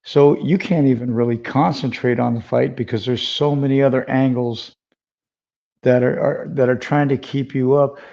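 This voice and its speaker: Older male host, gravelly, mellow, loose rambling chat, dull lo-fi audio. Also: medium pitch, fairly even intonation, normal speed. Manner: rambling, conversational, many fillers. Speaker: podcast host. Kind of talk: casual interview chat. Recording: dull lo-fi sound.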